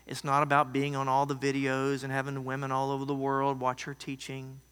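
A man preaching a sermon, telling a story that swings from loud to hushed. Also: medium pitch, monotone, a little fast, clear, resonant tone. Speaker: pastor. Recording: long hall reverb.

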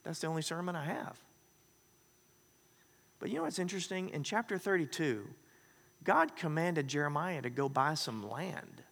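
A man preaching a sermon, folksy and joking, telling stories in an animated way. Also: fairly high pitch, moderate pace, gravelly, pauses often, in a large hall. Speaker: pastor.

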